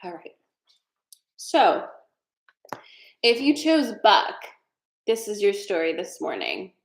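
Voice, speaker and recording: A woman's voice: mid-range voice, very animated, slow, vocal fry. A woman hosting a casual live tarot card reading, chatty and digressive, laughing often. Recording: roomy echo.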